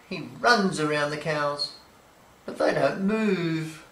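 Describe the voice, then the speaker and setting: Woman, children's story read-aloud, lively playful delivery, roomy echo. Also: low-pitched, takes it slowly, far from the mic. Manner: playful, imitating animal sounds. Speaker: storybook reader. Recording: echoey room.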